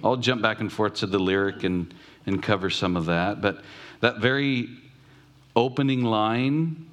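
A man preaching a sermon, reflective, asking questions aloud and slowing down to stress key words. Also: lowish voice. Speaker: pastor.

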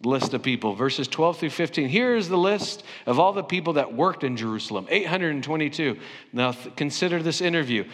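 A middle-aged pastor from Southern California preaches in a church sanctuary, conversational and anecdotal with self-deprecating humor, acting out imagined interviews in playful voices. His fairly high voice is animated and brisk, echoing in a large hall.

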